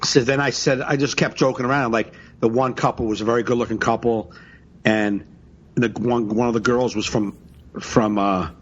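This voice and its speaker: A man's voice: mid-range voice, steady tone, moderate pace, lo-fi sound, slight background noise. A man co-hosting a comedy podcast, telling profane stories and laughing between lines. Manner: crude, laughing storyteller. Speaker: comedian co-host. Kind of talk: casual podcast chat.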